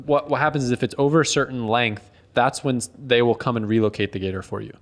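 A man who is a guest on a casual podcast. His voice sits at a middle pitch, and he explains his points thoughtfully, hedging and restarting his phrases. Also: quick pace. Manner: thoughtful, hedging, repeats words while explaining. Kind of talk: casual chat.

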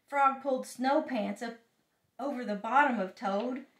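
An older woman, a grandmother, reading a storybook aloud to a child in a lively, animated way. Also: fairly high pitch, measured pace. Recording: roomy echo, mic at a distance.

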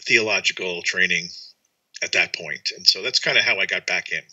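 Man telling an animated story, bright and husky. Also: low voice, moderate pace. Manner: animated storyteller acting out quotes. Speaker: exorcist priest, guest. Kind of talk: storytelling in an interview. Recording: muffled lo-fi audio.

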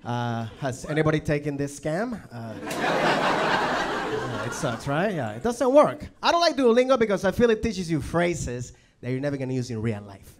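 A young man from Venezuela, a native Spanish speaker with a Venezuelan Spanish accent, doing an animated stand-up comedy set, swearing and acting out voices. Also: a little high, moderate pace, noisy background. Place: comedy club stage. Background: audience laughter.

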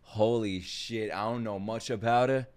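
Hosting an anime reaction video, a man with a lowish, unhurried voice offers casual commentary. He's excitable, talks straight to his viewers, swears freely and laughs often.

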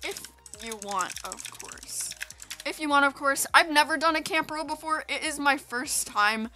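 A woman's voice: high-pitched, normal speed, pushed and bright, soft background music. A woman chatting casually over her gameplay, rambling and giggly, sleepy from staying up. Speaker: gaming video host.

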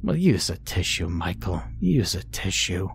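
A man voicing a loving, dying old grandmother who speaks softly and soothingly in a horror story. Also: lowish voice, lively intonation, measured pace, soft background music. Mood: tender. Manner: soft, tender, soothing.

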